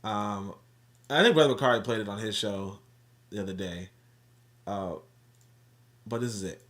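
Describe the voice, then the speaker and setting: A man's voice: fairly low pitch, moderate pace, fairly bright tone. A man hosting a live stream, talking casually in a rambling, profane and self-correcting way. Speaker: livestream host. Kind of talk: casual unscripted commentary.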